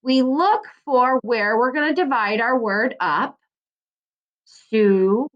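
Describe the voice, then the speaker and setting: A woman's voice: high voice, lively intonation, unhurried, lo-fi sound. A woman teacher giving a recorded lesson to young children, stretching out syllables in a sing-song way. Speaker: second grade teacher.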